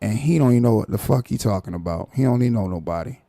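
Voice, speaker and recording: A man hosting a live stream, ranting in a mocking, animated way and repeating his points. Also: fairly low pitch, racing, no echo. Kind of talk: casual commentary rant.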